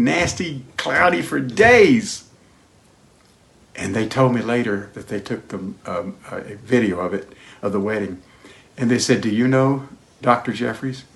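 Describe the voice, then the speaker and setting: A pastor preaching a sermon, swinging from rising exclaims to hushed, low prayer. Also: male voice.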